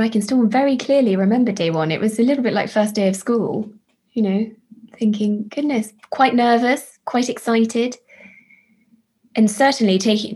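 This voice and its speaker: A woman, a charity chief executive, speaking earnestly in an interview, often restarting her phrases and warming to her subject. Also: mid-range voice. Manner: earnest, halting restarts, enthusiastic. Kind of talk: reflective interview talk.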